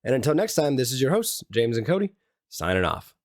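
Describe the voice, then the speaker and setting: A man's voice: mid-range voice, sing-song, a little fast, no room sound. Easygoing man in a dry, close sound. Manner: easygoing, chatty. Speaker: podcast co-host. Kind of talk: casual sports podcast chat.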